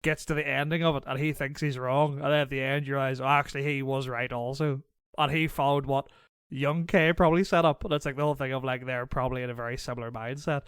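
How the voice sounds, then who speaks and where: A man co-hosting a casual podcast chat, laughing often and retelling scenes with animated energy. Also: mid-range voice, fast talker, smooth, no room sound. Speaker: podcast co-host.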